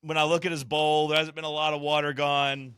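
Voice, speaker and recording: A man's voice: a little high, monotone, fairly quick, a bit bright, clean tone, dry recording. A man co-hosting a podcast in casual chat, blunt, profane and joking. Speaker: podcast co-host.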